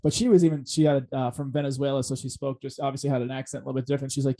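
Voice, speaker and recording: A man hosts a podcast in a loose, conversational way. He sounds earnest and reflective and often restarts his sentences. His voice is mellow and warm rather than bright. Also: medium pitch, steady tone, fast, few pauses. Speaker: podcast host.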